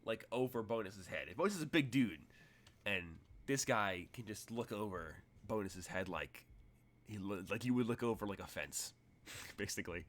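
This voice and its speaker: Low-voiced man running a tabletop game. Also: animated, normal speed. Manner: rambling, vivid descriptive narration. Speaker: game master. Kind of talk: narrating a tabletop role-playing game.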